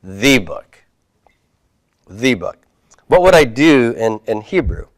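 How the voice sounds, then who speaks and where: A man's voice: mid-range voice, very animated, measured pace, dry recording. A man teaching a Hebrew class, reviewing homework and patiently asking his students questions before answering them himself.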